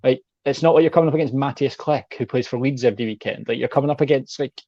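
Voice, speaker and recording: A man's voice: mid-range voice, fast, mellow, no room sound, muffled recording. A man talking football as a guest, rambling and saying "like" a lot. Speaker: guest pundit. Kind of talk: casual chat.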